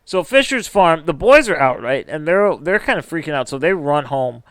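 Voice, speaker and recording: A man hosting a casual podcast, telling a story in an animated way with drawn-out emphasis. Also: a little high, clear, resonant tone, dry recording. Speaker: podcast host.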